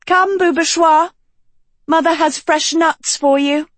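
A woman's voice: extremely high pitch, steady tone, takes it slowly, no room sound, voice pushed up. A woman voicing a manipulative young female dean who talks down to others, sweet on the surface and scolding underneath. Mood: cooing. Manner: sweetly condescending, then scolding.

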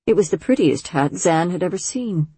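Woman audiobook narrator, low breathy voice, calm measured storytelling, dry studio sound. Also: no room sound. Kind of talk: scripted narration.

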